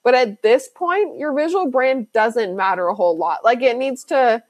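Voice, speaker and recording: A woman's voice: fairly high pitch, expressive, normal speed, dry recording. Chatty, slangy woman podcast host. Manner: chatty, fillers like "like", slangy and emphatic. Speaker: podcast host and business coach. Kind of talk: casual solo podcast talk.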